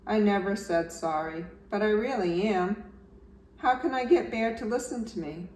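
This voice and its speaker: A man's voice: normal speed, close to an everyday voice. A woman voicing a young male turtle, earnest and worried, in a children's storybook read-aloud, pleading in a slightly raised voice. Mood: sad. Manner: pleading, higher and brighter than the narration. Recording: roomy echo, slightly distant mic, faint background noise.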